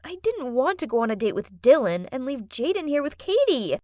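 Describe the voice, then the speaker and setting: A young woman narrating an animated story in first person, in a chatty teen-girl manner. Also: no echo, clean studio sound. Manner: lively, chatty teen-girl storytelling with quick pitch jumps.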